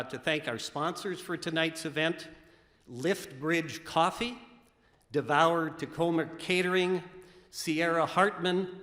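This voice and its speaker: Joking male emcee in a large echoey theater. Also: a little high. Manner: relaxed, joking, with frequent fillers. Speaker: master of ceremonies. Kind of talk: emceeing an awards ceremony. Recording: echoey theater with a crowd behind.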